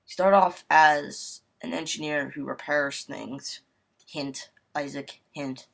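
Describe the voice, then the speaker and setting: A man's voice: a little high, steady tone, takes it slowly, vocal fry, fairly bright tone. Rambling joking young man reviewing a game. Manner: rambling, joking, full of "I mean, you know"; wisecracking, irreverent. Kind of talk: casual game review voice-over.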